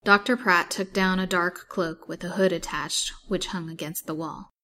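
Woman reading a chapter book aloud, steady storyteller, kinda low voice. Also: moderate pace, a little hiss or hum. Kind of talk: reading a serialized novel aloud.

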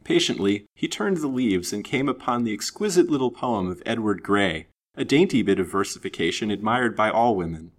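Man, low voice, storybook narration, measured, expressive. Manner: measured, expressive reading of old-fashioned prose.

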